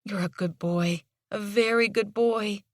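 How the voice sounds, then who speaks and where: A woman's voice: mid-range voice, steady tone, extremely slow, a bit bright, no echo, studio quality. A woman voicing a young woman in an audiobook, who speaks soothingly and firmly to her injured dog. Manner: soothing and coaxing with a hurt pet; firm commands to the dog. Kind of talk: audiobook character dialogue.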